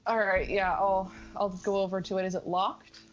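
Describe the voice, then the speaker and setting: A woman's voice: mid-range voice, little pitch movement, normal speed, dull audio, slight background noise. A woman playing a tabletop game, talking in a blunt, casual way. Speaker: player.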